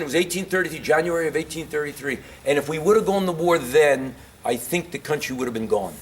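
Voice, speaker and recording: A man's voice: on the high side, a little hiss or hum. Man lecturing on history, quizzing the room. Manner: quizzes the audience with questions, gets impassioned. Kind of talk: informal history lecture to a live audience.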